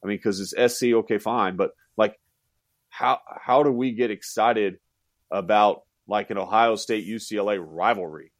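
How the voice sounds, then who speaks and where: A man's voice: fairly low pitch, normal speed, no echo, clean studio sound. A middle-aged American man, a college basketball analyst, talking animatedly in a casual podcast chat and acting out fans' voices. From United States.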